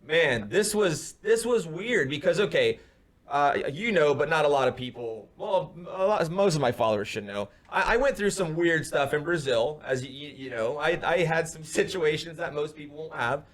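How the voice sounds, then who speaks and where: A young man, co-host of a casual talk show, tells a story over a remote call with headphones on. His voice sits a touch high. He leaps into the other man's lines with shouts and sharp rises. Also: lively intonation, normal speed. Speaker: podcast co-host.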